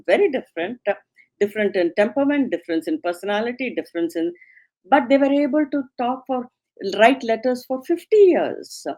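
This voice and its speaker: Female academic guest from India; measured, hesitant, thinks aloud with frequent fillers. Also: mid-range voice, darkish tone, rough recording. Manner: hesitant, many fillers, thoughtful. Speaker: professor and guest. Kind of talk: reflective interview talk.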